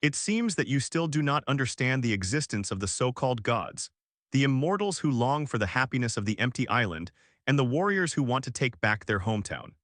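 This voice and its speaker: A man narrating an audiobook as scripted narration, reading in a flat, even way. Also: medium pitch, brisk, no echo, studio quality.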